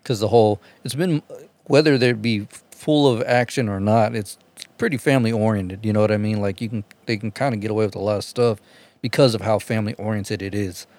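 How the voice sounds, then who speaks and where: A man's voice: on the low side, brisk, a little mellow. A man in a casual chat with friends, laid-back and profane, often restarting his sentences.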